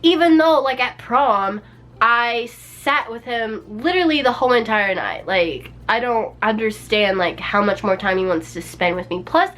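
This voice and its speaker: A woman's voice: on the high side, expressive, normal speed, a bit bright. A young woman vlogger telling a personal story in a casual, chatty way, peppered with "like" and small laughs. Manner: chatty, many "like"s and little laughs.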